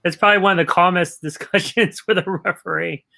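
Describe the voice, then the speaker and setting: Man co-hosting, frank opinionated hockey chat, bright slightly high voice. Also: steady tone, fairly quick, creaky, faint music behind. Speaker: co-host. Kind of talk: casual live game commentary.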